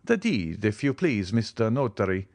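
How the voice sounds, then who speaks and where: A man voicing a wealthy, self-assured nobleman who speaks crisply and offhandedly. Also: on the low side, very animated, normal speed, darkish tone, no echo. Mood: cool, assured. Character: rich, cool, commanding nobleman, adult man.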